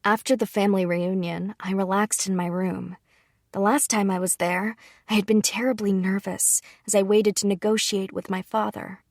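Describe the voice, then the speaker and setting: Woman reading a light novel, gravelly voice. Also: medium pitch, little pitch movement, moderate pace, no room sound, studio quality. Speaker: audiobook reader. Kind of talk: first-person light novel narration.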